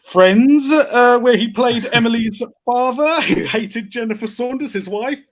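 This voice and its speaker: A man's voice: very high-pitched, unhurried. A man, a film critic guest chatting enthusiastically and laughing between points. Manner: animated, enthusiastic, laughs a lot, does voices. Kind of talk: casual film-review chat.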